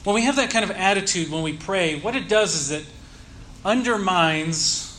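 A man preaching a sermon, teaching earnestly and leaning slowly on key words. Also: high voice, lively intonation, fairly bright tone, a little hiss or hum. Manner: earnest teaching tone with slow emphatic stresses. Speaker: pastor.

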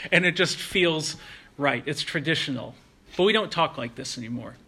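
A man preaching a sermon in an earnest, measured way, slowing down and pausing to stress key phrases. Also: on the high side, lively intonation, bright, forceful tone, husky. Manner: earnest, measured preaching with slow emphatic pauses. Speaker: pastor.

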